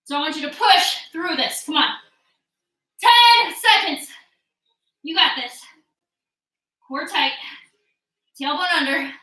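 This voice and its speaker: A woman fitness instructor coaching a workout class, energetic and encouraging, whooping and cheering, out of breath from exercising along. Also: high-pitched, slow pace, long pauses. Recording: echoey room, mic at a distance.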